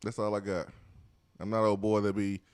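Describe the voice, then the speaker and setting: A playful man co-hosting sports talk radio, voice sitting fairly low. He loops catchphrases and laughs easily, and the studio sound is dry and close. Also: little pitch movement, moderate pace, smooth, dry recording. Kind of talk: casual sports talk chat.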